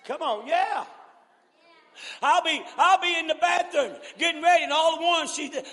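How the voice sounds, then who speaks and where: A man preaching a revival sermon, shouting and laughing as he tells folksy stories. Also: very high voice, animated, normal speed, long reverb tail.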